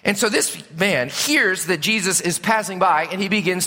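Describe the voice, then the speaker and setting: A middle-aged male pastor preaching a sermon in an animated, conversational way, asking his congregation questions. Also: sits high, moderate pace, hardly any pauses. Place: church sanctuary. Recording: long hall reverb.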